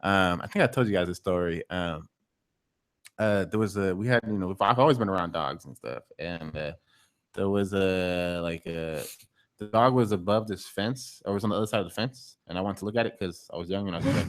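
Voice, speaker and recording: A man's voice: low-pitched, brisk. A man co-hosting a podcast, telling a childhood story in casual chat, hesitant and full of fillers. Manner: hesitant, many fillers and restarts. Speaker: podcast co-host.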